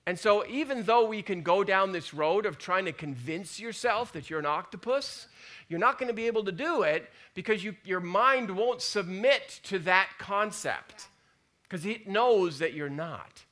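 A man's voice: high-pitched, expressive, normal speed, fairly bright tone. A man preaching a chatty sermon, joking and acting out the voices in his head. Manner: folksy, joking, acts out inner voices. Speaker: pastor. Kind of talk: conversational sermon.

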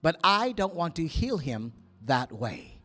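A man acting out the voice of God in a sermon story, speaking low, soft and calm, quieter than his own preaching voice. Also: unhurried, faint music behind, heavily acted. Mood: gentle. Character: God, calm gentle fatherly male voice.

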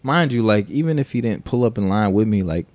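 A man co-hosting a podcast, telling a story in casual chat, animated and profane, acting out the quotes. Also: on the low side, fairly quick. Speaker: podcast co-host.

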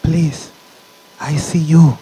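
A comedian voicing his elderly grandfather, a doting, insistent old man who calls out in a thin, drawn-out voice. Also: fairly even intonation, warm tone, slightly rough, full character voice, poor audio. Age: older. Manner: high, thin, drawn-out calling voice.

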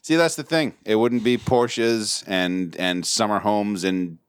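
A man chatting casually on a comedy podcast, riffing crudely and bursting into loud mock rants. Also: fairly low pitch, slow pace, clear, resonant tone, no room sound, studio quality.

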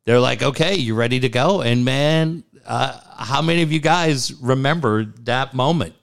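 Man, casual storytelling, animated, jumps up high when quoting people. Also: normal speed, vocal fry, clean tone. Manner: animated, acts out quotes with big pitch jumps. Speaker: guest telling a personal story.

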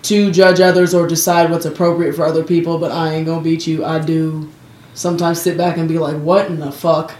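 A woman co-hosting a podcast in casual chat, blunt and quick to swear, laughing at herself. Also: deep voice, flat delivery, darkish tone, echoey room. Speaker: podcast co-host.

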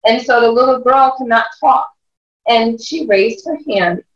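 A woman, a mother and life coach, telling stories in an interview, animated and often laughing as she acts out what others said. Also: on the high side, measured pace. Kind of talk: storytelling interview chat. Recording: roomy, distant, dull lo-fi sound.

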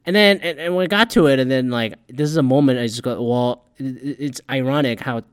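A man's voice: mid-range voice, a little fast, clear, resonant tone, dry recording, studio quality. A man hosting a podcast, ranting in a loose, profane, rambling way about a reality dating show and often getting heated. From Korean American. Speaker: podcast host. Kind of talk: casual ranting commentary.

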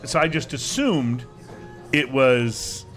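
A man hosting a casual chat show, talking in a relaxed, halting way with many fillers and restarts. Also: mid-range voice, soft background music. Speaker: podcast host.

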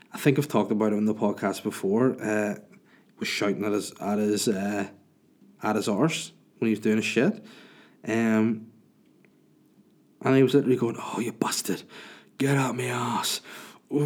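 A man in his thirties hosting his own podcast with a somewhat low voice. He talks in a casual, rambling way, full of crude jokes and self-mockery. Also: a little mellow. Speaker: podcast host and comedian. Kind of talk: casual comedic podcast chat.

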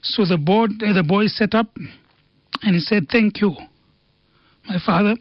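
Earnest radio guest. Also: male voice, high voice, a little slow, dry recording. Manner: earnest storytelling with Arabic quotations. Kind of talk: radio talk on faith and family. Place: radio studio. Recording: dull dry radio studio sound.

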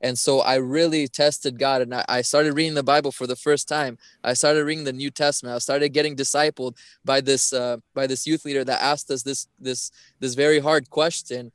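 A man's voice: mid-range voice, no room sound. A young man giving an earnest personal testimony as a podcast guest, often repeating and restarting his phrases.

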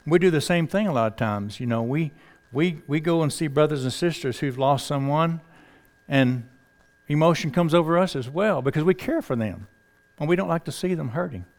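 Folksy preacher man with a slightly high voice. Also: animated, moderate pace. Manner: conversational, folksy, with fillers and rhetorical questions. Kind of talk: sermon.

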